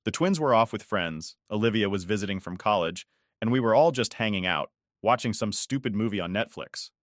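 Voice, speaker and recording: A man's voice: fairly low pitch, lively intonation, brisk, no echo, studio quality. A man in his forties narrating a first-person story in a weary, resentful way.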